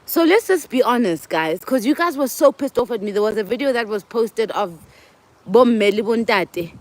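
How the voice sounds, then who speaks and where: A South African woman with a voice that sits a touch high, hosting her own show. She talks in a loose, chatty monologue and acts out the people in her stories. Local words slip in between the English. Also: expressive, normal speed, no room sound, low-quality recording. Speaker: host. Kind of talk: casual monologue.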